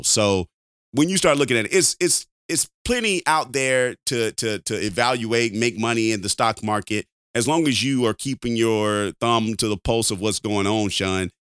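A man's voice: mid-range voice, a bit bright, clear, resonant tone, no echo, clean studio sound. A man co-hosting a podcast in casual chat, rambling with repeated words and frequent laughs. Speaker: podcast co-host.

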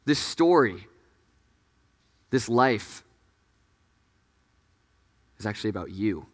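A man preaching a sermon as pastor, earnest and conversational, often dropping to hushed tones. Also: on the low side, sing-song, takes it slowly, long pauses. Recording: echoey hall.

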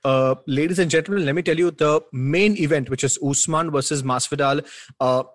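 A man's voice: fairly high pitch, a little fast, dry recording. Teasing man with a dry close sound. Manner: announcer-like, teasing. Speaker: podcast co-host. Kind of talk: casual sports chat.

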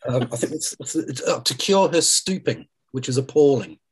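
A man's voice: mid-range voice, animated, a little slow, breathy edge, rough recording. A man hosting a casual film podcast over a remote call, chatty and wry. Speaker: podcast host.

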